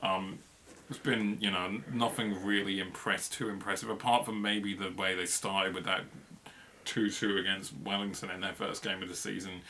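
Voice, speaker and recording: This football podcast co-host talks at a normal speed in a low, flat voice with a bright, forceful tone. He chats casually and rambles, heavy on fillers, laughing partway through sentences, over slight background noise.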